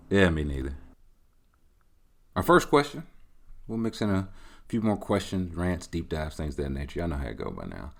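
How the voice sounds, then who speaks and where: A man's voice: deep voice, fairly quick, vocal fry. A man hosting his own show, giving casual joking commentary on sports and video games. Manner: jokey, animated, voices quoted game text. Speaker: host.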